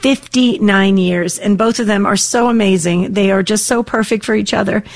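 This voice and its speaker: An older woman hosting a Catholic call-in radio program, talking in a warm, emotional way with many fillers and restarts. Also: mid-range voice, normal speed, vocal fry.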